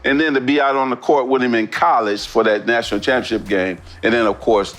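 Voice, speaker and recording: A former basketball player telling an animated story from his playing days in an interview, laughing along as he goes. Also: medium pitch, a little fast. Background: music.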